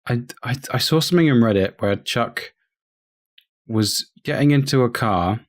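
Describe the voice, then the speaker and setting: A man co-hosting a gaming podcast, self-deprecating and quick to laugh. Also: medium pitch, expressive. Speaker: podcast co-host. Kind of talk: casual podcast chat.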